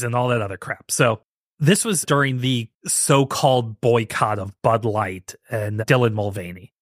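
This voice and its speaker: A man's voice: mid-range voice, moderate pace, dry recording, clean studio sound. A man hosting a podcast, giving sarcastic commentary and mocking impressions in a casual, ranting way. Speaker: podcast host.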